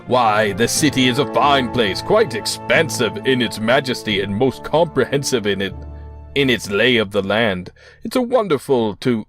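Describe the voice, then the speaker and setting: Man doing a pompous game townsman, rambling and flowery, voice pitched up, faint music behind. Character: pompous long-winded male city dweller.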